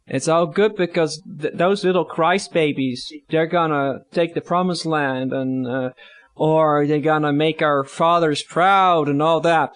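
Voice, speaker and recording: Slow, rambling male podcast co-host. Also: on the high side, fairly bright tone. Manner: rambling, lots of fillers and restarts, jokey. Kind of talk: casual chat.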